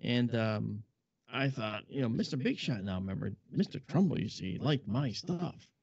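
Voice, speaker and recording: A man with a gravelly, creaky voice spins chatty stories packed with asides. The sound is dry and close, with a dull, lo-fi tone. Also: medium pitch, normal speed, no room sound. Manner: chatty, animated, lots of asides. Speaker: guest, film model maker. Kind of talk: anecdotal storytelling. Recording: dull lo-fi audio.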